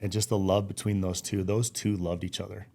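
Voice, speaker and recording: A man's voice: deep voice, level tone, a little fast, gravelly, mellow. A middle-aged man speaking as a podcast guest, talking earnestly and with feeling, teary-eyed at times and often restarting his sentences. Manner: earnest, heartfelt, many restarts. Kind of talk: emotional interview.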